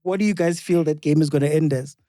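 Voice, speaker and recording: High-voiced teasing host. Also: male voice, quick pace, dark tone, no room sound, studio quality. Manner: teasing, playful. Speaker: podcast host. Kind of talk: casual football chat, leads the segments.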